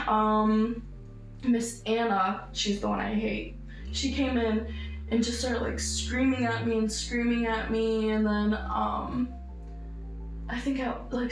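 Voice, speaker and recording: Young woman, fairly high voice, emotional storytelling, echoey room, faint music behind. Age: young adult. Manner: emotional, acts out pleading voices in her story. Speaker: survivor interviewee. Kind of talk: personal storytelling.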